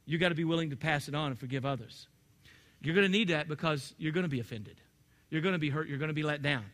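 A man preaching a sermon in a folksy, animated storytelling manner, now and then breaking into shouts. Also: a little high, fast. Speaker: pastor.

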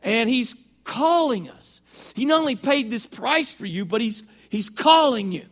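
A man's voice: very high voice, expressive, measured pace, a bit bright. A middle-aged male pastor preaching a sermon in a folksy, chatty way, his voice strained by allergies and talking back and forth with the congregation.

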